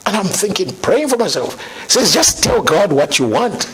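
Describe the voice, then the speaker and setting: A middle-aged man telling his conversion story as a guest, animated and laughing now and then. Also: high voice, moderate pace, husky. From Zambia. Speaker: guest sharing testimony.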